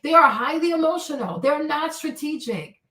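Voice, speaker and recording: A woman's voice: sits high, expressive, normal speed, bright, forceful tone. A woman in her forties hosting a live stream, ranting bluntly and preachily in casual talk and often asking "right?". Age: 40s. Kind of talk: casual livestream rant. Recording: echoey room, voice a bit far from the mic.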